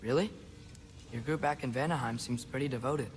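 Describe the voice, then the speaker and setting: A man's voice: medium pitch, a little fast, slight background noise, close to an everyday voice. An actor playing an earnest, curious teenage boy in a video game cutscene. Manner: earnest, eager.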